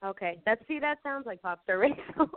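A woman's voice: a little high, expressive, a little fast, no room sound. Giggly woman guest, tinny phone sound. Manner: giggly, effusive. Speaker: singer guest. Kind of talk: casual chat.

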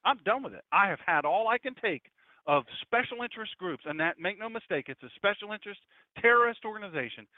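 A man's voice: high-pitched, lively intonation, fairly quick, no echo. A pastor in his fifties preaching a fiery sermon, emphatic and hammering points home by repeating phrases. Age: 50s. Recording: dry, tinny phone-like audio.

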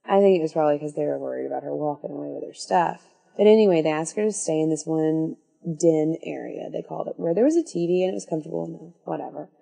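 A woman's voice: sits low, quick pace, creaky, warm tone. A woman casually telling a spooky story on a podcast, rambling and correcting herself with wry asides.

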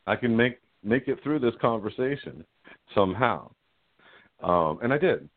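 A man's voice: medium pitch, animated, normal speed, no room sound. A middle-aged man calling in as a guest, telling a personal story in a frank, rambling way and laughing at himself. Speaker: guest caller. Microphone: phone. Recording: tinny dry phone line.

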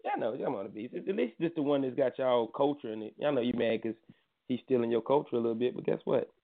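A man hosting a morning radio show, talking in loose, slangy, joking banter that jumps up in pitch when he gets excited. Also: fast, creaky. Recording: tinny phone-like sound with faint music.

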